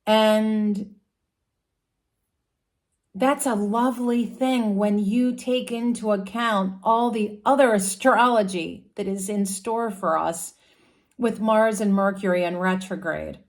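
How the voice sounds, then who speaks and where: Woman telling a chill astrology story, slow and easy, mid pitch. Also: steady tone. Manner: casual, with animal characters and fillers. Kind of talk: storytelling explanation.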